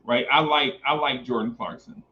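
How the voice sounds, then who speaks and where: Animated man on a sports talk stream. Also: mid-range voice, moderate pace. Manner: animated, repeats phrases for emphasis. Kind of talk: casual sports talk stream, reading chat. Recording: dull lo-fi stream audio.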